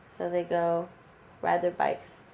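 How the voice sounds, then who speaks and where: A woman telling an original vampire story aloud in a casual, animated, rambling way, with many fillers. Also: on the low side, slow pace, creaky, a little hiss or hum.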